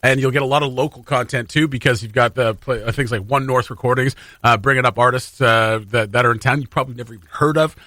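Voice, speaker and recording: Brief: chatty male morning radio host, bright forceful tone, dry close studio sound, quick to laugh. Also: mid-range voice, steady tone, dry recording. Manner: laughs often, chatty and upbeat. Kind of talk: casual on-air banter. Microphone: studio microphone.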